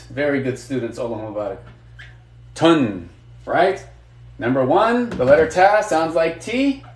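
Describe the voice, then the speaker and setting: A man's voice: fairly high pitch, reverberant. A man teaching a live online lesson, patient and encouraging, asking students questions and praising their answers. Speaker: Arabic teacher.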